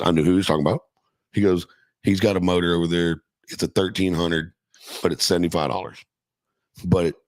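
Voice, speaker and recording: Middle-aged guy with a real low voice, cussing and laughing through an old story, dry mic. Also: a little mellow, no room sound. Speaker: podcast guest. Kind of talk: casual storytelling.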